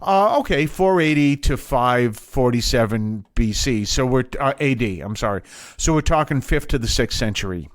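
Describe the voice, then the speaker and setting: A man's voice: medium pitch, expressive, normal speed, no echo. Man rambling through a Bible lesson. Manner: thinking aloud, digressive, with many fillers and restarts. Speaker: Bible teacher. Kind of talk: informal Bible teaching talk.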